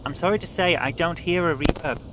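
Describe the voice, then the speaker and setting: A British man hosting a live game stream, talking in a slightly high voice. He chats and grumbles in a casual way while he adjusts his audio settings. A steady, clearly audible noise sits behind his voice. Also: fairly quick, low-quality recording.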